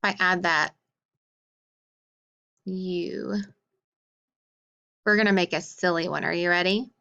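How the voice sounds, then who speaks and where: A woman teaching a phonics lesson to young children, patient and encouraging, sounding words out slowly. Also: on the low side, steady tone, vocal fry, sharp tone, dull audio.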